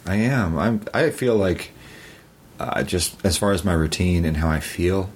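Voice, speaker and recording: Tired podcast co-host, very low voice, dry and self-deprecating, faint hiss behind. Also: male voice, measured pace. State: tired, recovering from surgery. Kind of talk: casual podcast chat. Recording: faint background noise.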